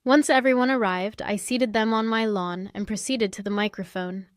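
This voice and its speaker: A woman with a medium-pitched, clear, resonant voice narrates a first-person family-drama story, sounding sassy and confiding. Her intonation stays fairly even and her speed is normal. It's a dry, clean studio recording.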